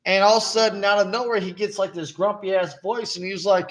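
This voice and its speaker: High-voiced, blunt, swearing man. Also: steady tone, quick pace, fairly bright tone. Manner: blunt, profane, venting with heavy swearing. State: coughing now and then. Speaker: podcast co-host. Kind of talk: casual chat.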